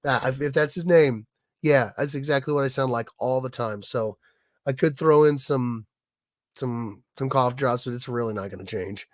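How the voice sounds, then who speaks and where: A man with a hoarse, raspy voice from being sick, chatting casually on his livestream and stumbling over restarts. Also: medium pitch, no echo, clean studio sound. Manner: halting, many restarts and fillers. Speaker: livestream host, illustrator.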